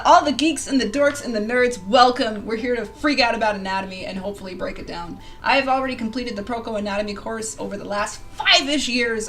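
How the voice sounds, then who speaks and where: A woman hosting a casual live stream, excitable and bubbly, laughing often and bursting into squeals, on a desk mic with soft music behind her. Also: a little high. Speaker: livestream host. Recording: quiet music under the voice. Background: soft background music.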